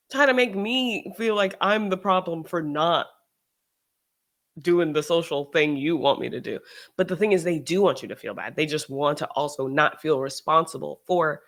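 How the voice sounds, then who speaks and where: Streamer host chatting live, sarcastic and animated, mid-range voice, keeps restarting sentences. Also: mid-range voice. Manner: animated, sarcastic, shifts into mocking quoted voices. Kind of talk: casual livestream chat.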